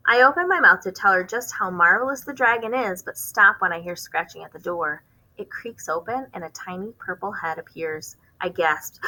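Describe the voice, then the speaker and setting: A woman reading a children's novel aloud, expressive, with occasional stumbles and rereads. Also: mid-range voice, moderate pace, rough recording. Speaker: reader hosting a book channel.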